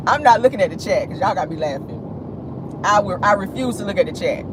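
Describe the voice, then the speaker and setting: A woman's voice: medium pitch, big pitch swings, moderate pace, background noise. A woman with an African American Vernacular English accent hosting a casual livestream, talking bluntly and sassily and laughing often. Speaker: vlog host.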